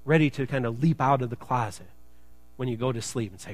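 A man's voice: mid-range voice, a little fast. A male pastor preaching a sermon in church, chatty and joking, then building to emphatic repetition.

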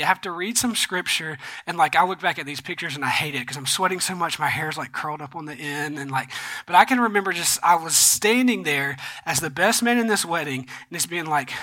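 A young man delivers a sermon with a bright, high voice. He talks casually, full of "like" and restarts, and drifts into personal stories. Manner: storytelling, conversational with many fillers. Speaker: pastor.

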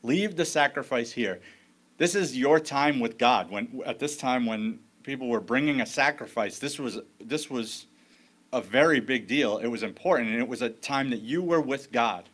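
A man's voice: medium pitch, expressive, moderate pace, a bit bright. Conversational male pastor preaching. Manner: conversational storytelling with self-interrupting restarts. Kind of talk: sermon.

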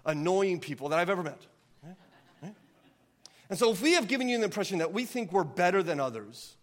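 Impassioned high-voiced male pastor preaching. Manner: impassioned, rising to near-yelling then softening to earnest. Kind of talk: sermon.

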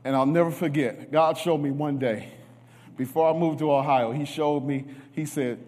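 A man preaching a sermon, emotional, moving from hushed tones to shouts. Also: a little high, normal speed. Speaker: guest preacher. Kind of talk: sermon with testimony. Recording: reverberant church hall.

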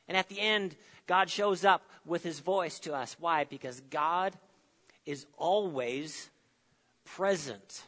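A male pastor with a high, bright voice preaches with emphatic phrasing and dramatic pauses. He swings between loud declarations and hushed lines. His voice rings out in a hall with a long, echoing reverb. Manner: emphatic, with dramatic pauses and sudden drops to soft. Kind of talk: sermon.

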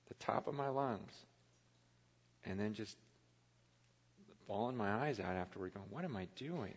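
Earnest low-voiced pastor in a reverberant hall. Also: male voice. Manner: earnest, confessional, often quiet and halting. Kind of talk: sermon.

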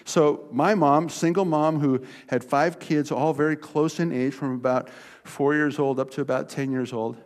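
A man's voice: on the high side, steady tone, normal speed, darkish tone. A man in his sixties from California preaching a sermon, telling a childhood story in a conversational way and speaking directly to the congregation.

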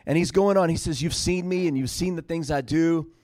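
Guy preaching, fairly high voice, dry close sound, chatty then punchy. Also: a little fast, darkish tone, no room sound. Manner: retells scripture in casual paraphrase, rising to emphatic peaks. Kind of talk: sermon.

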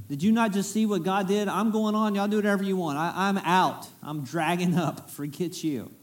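Speaking at a moderate pace, a man with a high-for-a-man voice gives a storytelling sermon in a casual, conversational style. The pastor sounds folksy and energetic and often breaks off to joke with the congregation.

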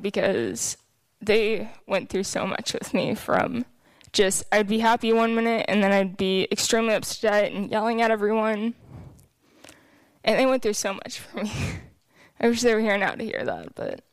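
A young woman sharing her personal testimony with a church group, candid and emotional as she tells her story. Her voice is smooth and resonant, recorded close and dry with no room sound. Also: mid-range voice, no room sound. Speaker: speaker giving a personal testimony.

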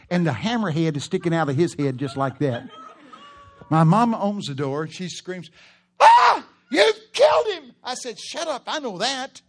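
A middle-aged man, preaching in a folksy, laughing storytelling manner that breaks into loud shouts. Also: fairly high pitch. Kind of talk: sermon storytelling.

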